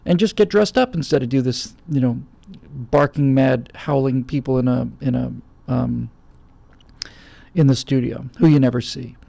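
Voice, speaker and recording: A middle-aged male host with a medium-pitched, gravelly yet mellow voice speaks at normal speed on a dry recording. Answering viewer questions, he offers emphatic, blunt opinions and acts out quoted voices.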